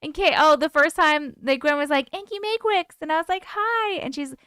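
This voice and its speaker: A woman's voice: high voice, animated, normal speed, bright, forceful tone, no echo, studio quality. A woman from the UK hosting a live stream at home, chatting casually and answering viewer comments as they come in. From United Kingdom.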